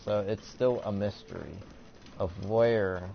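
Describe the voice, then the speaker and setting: A teenage boy talks through a video game in loose, rambling commentary full of "like" and "and all that." His voice sits a bit low. The mic sounds dull and lo-fi with a faint hiss. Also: slow pace, gravelly. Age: teens. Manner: rambling, filler-heavy, reads game text aloud. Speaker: gameplay commentator. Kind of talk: casual let's-play commentary.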